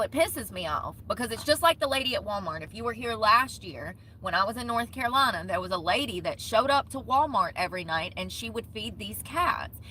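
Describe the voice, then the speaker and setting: Brief: young woman vlogger, ranting and cussing, bright and forceful tone, faint vehicle noise behind. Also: fairly high pitch. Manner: indignant, profane, quotes people in short bursts. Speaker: van-life vlogger. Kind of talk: ranting vlog storytime.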